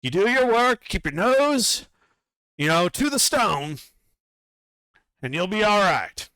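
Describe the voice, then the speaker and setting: A man voicing a gruff, bossy male dwarf foreman who scolds a worker and calls him lad. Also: high voice, very animated, takes it slowly, sharp tone, dry recording, studio quality, pitched above the performer's own voice, full character voice. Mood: warning.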